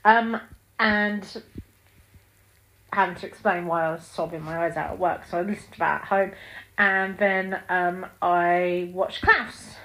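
A woman's voice: on the low side, fairly even intonation, unhurried, fairly bright tone, rough recording. A woman in her thirties hosting a solo film podcast, chatting in a gushing way with lots of ums. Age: 30s. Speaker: podcast host. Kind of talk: casual solo film chat.

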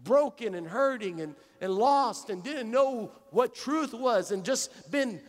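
A man's voice: very high voice, animated, slow, in a large hall. A male pastor preaching a conversational sermon to his congregation, repeating phrases and acting out little dialogues. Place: church sanctuary.

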